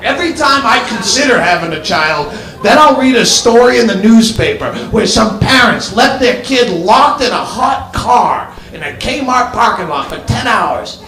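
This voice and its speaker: High-voiced ranting stand-up comedian. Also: male voice, fairly bright tone, reverberant. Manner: ranting, sardonic, swears freely.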